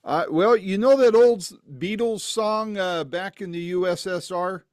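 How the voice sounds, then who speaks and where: A man's voice: sits high, unhurried, no echo, studio quality. A man hosting an interview podcast, talking in a friendly, folksy and chatty way. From Southern United States. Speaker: host.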